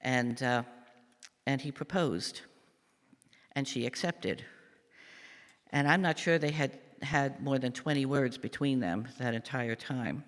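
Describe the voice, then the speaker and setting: An older man giving a church meditation, telling a family story in a halting, reflective way with many pauses and fillers. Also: mid-range voice, a bit bright. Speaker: lay speaker giving a meditation. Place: church sanctuary. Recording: long church reverb.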